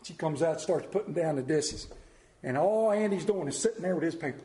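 A man's voice: a little high, animated, fairly quick, mellow. A man telling a story in a folksy, heartfelt way. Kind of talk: retelling a TV episode to an audience. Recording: roomy echo.

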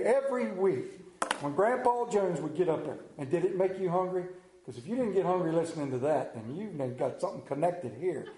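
A middle-aged pastor preaches a sermon, reading scripture, praying and adding folksy, joking asides. His voice is mellow and a touch higher than most men's. He is heard in a roomy, echoey church.

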